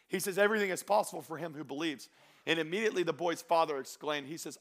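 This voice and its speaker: A male pastor preaching a sermon, who swings between loud exhortation and quiet scripture reading and acts out the voices he quotes. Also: on the high side, fast.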